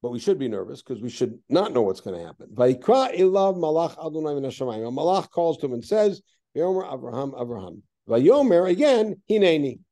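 A man leading a text study class, reading Hebrew verses aloud and then explaining them with lively, questioning remarks. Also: a little high, fairly quick. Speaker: teacher.

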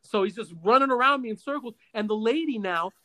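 A man hosting a podcast, telling a long story in a casual, animated way with many stammers and restarts. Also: extremely high pitch, quick pace. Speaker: podcast host.

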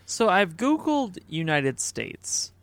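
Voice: medium pitch, very animated, slow pace, a bit bright, no echo. A podcast co-host in casual, rambling chat, full of "like" fillers. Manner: chatty, rambling, many "like" fillers.

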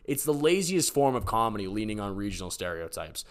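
A man's voice: lowish voice, very animated, a little fast. Sarcastic joking male podcast host. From Boston area, USA. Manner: joking, sarcastic, rambling with fillers. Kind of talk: casual podcast chat answering voicemails.

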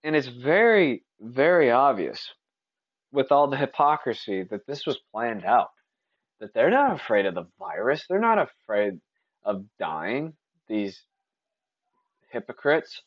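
Male podcast host from Texas, mid-pitched, opinionated and rambling, on a dull, dry mic. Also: sing-song, unhurried, dry recording. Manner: opinionated, rambling, with frequent restarts. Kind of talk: casual solo podcast commentary.

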